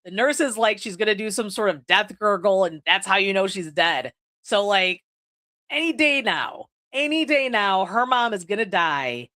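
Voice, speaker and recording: A woman with a mid-range, expressive voice talks at normal speed, her tone pushed and bright. She hosts a podcast and is recapping a horror movie casually, swearing freely and stuffing her sentences with "like." It's recorded on video indoors.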